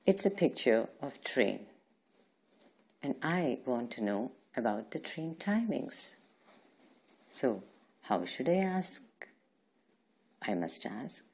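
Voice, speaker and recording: A woman's voice: rumbling low, a little mellow, breathy edge. A woman teacher, giving a patient grammar lesson to young children and answering her own questions. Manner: patient, asks questions and answers them herself.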